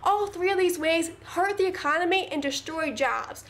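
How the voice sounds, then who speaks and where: A woman with a high voice delivering scripted political commentary. She is fervent and emphatic, firing off points in quick succession. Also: a bit bright. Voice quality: fervent, emphatic, rapid-fire rebuttals. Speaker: political vlogger.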